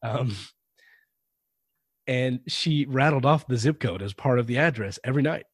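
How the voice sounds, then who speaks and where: A man being interviewed on a podcast, telling anecdotes in a relaxed, conversational way and animating the voices of people he quotes. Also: mid-range voice, moderate pace, no room sound. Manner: anecdotal, animated when quoting others. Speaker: podcast guest. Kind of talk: conversational storytelling.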